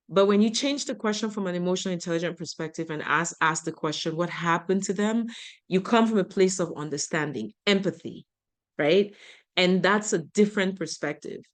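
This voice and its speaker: A woman giving a motivational talk, talking conversationally, asking the audience questions and laughing easily as she tells stories. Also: fairly low pitch. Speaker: speaker.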